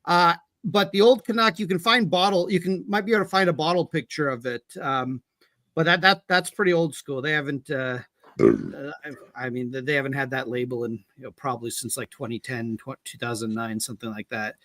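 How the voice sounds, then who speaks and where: A man's voice: mid-range voice, animated, a little fast, a bit bright, no room sound, clean studio sound. A man chatting on a beer podcast, rambling and correcting himself, swearing freely. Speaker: podcast panelist reviewing beer. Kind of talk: casual chat.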